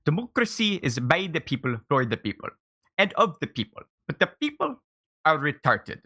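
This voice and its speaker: A man's voice: fairly high pitch, big pitch swings, moderate pace, sharp tone, slightly rough, heavily acted. A man doing a mock Indian guru voice. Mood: mock-solemn. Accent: put-on Indian accent.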